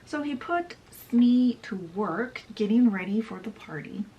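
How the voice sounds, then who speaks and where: A woman's voice: fairly high pitch, lively intonation, measured pace, few pauses, mellow, slight background noise, poor audio. A woman casually summarizing a fantasy novel in a chatty way, often saying "he's like". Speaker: book reviewer.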